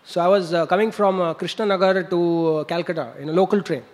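A man's voice: sits high, steady tone, fast, darkish tone. A man preaching, telling a story with laughs and sound effects. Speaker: monk preacher. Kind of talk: storytelling sermon.

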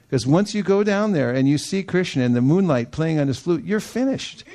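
A man giving a storytelling sermon, animated, acting out the people he quotes and laughing often. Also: on the high side, moderate pace, hardly any pauses. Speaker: devotional speaker.

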